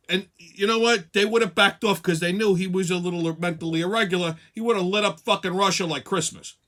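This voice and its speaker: A man's voice: high-pitched, sharp tone. A man hosting a weekly show, ranting sarcastically and profanely. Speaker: host. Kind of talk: profane comedic rant.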